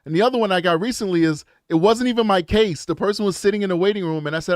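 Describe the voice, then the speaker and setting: A man's voice: high-pitched, quick pace, few pauses, no echo, clean studio sound. A man hosting a true crime show, talking casually and earnestly to his audience and laughing easily. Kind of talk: casual direct-to-camera talk.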